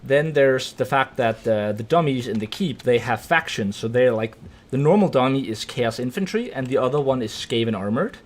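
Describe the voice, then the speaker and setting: A man's voice: medium pitch, expressive, moderate pace. A young man from Denmark live-streaming a video game, reacting with swearing and yelps, then explaining game mechanics. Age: 20s. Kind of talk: casual live-stream gaming chat.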